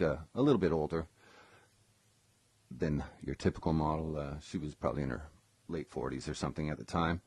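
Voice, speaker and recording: A man's voice: rumbling low, darkish tone, breathy edge, no room sound. A man, a former session guitarist, telling a personal story in a casual live stream, rambling with lots of ums and self-corrections.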